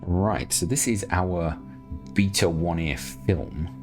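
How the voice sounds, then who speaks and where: A man's voice: sits low, slow pace, over music. A man giving chatty, self-mocking commentary while he plays, thinking aloud with many restarts. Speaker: gameplay commentator. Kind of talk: casual gameplay commentary.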